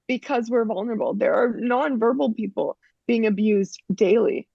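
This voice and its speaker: Canadian woman, guest, gravelly and a bit high, frank and emphatic, dry lo-fi audio. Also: moderate pace, no echo. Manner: frank, emphatic, many restarts and "you know". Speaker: interview guest. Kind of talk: casual interview talk.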